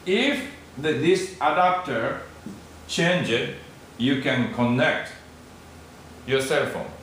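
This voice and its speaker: Slow-spoken teacher in a very echoey room. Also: male voice, mid-range voice, lively intonation, fairly bright tone. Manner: slow, repeats syllables, checks in with "okay?". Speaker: Japanese language teacher. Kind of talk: classroom lesson. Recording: very echoey room with faint noise.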